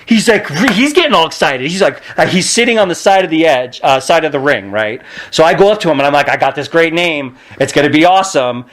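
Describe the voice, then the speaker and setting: A man in his forties, a podcast guest, telling stories in a casual chat and acting out quotes in a higher voice. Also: fast, hardly any pauses. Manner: animated, laughing, acts out quotes in a higher voice. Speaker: podcast guest, pro wrestler.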